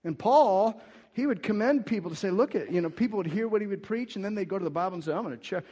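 Pastor, male, fairly high voice, emphatic sermon delivery, lots of restarts, long reverb of a church hall. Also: animated, fast talker, husky. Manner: emphatic, rises and gets louder when quoting scripture; frequent restarts and repeated words.

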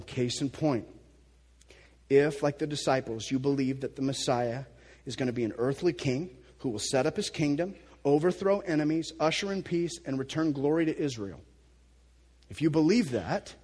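A man preaching a sermon, shifting from quiet, measured stretches to loud, forceful bursts as he acts out quotes. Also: a little high, breathy edge. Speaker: pastor.

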